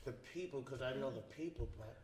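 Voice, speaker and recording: Hesitant fast-talking man, echoey room. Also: medium pitch, a crowd in the background. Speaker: podcast co-host, trivia contestant. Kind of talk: casual group podcast chat. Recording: echoey room with a group around.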